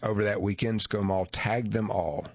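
A man reading a nonfiction article aloud as scripted narration, in a measured, even manner. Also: lowish voice, breathy edge, no echo. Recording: dull lo-fi dry recording.

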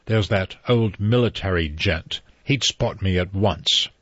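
A man's voice: low-pitched, measured pace, fairly bright tone, dry recording. A man voicing a wary middle-aged male detective who mutters clipped, plain remarks to himself, in a dull, dry recording. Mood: muttering.

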